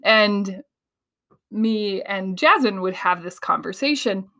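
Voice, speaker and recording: Animated woman telling a story, laughing. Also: medium pitch. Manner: quick, tumbling flow of ideas. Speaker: host. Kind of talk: casual monologue.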